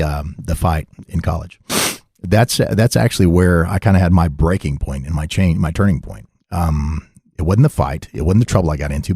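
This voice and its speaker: Guy, middle-aged, really low gravelly voice, husky, rambling candid story, laughs a lot. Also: warm tone, no room sound, studio quality. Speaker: podcast guest telling his life story. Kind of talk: casual storytelling.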